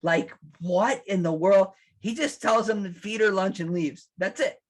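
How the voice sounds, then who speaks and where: A man preaching a sermon as pastor, conversational and animated, acting out quotes and restarting his sentences. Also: sits high, measured pace. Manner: animated, acts out quotes, laughs at his own lines.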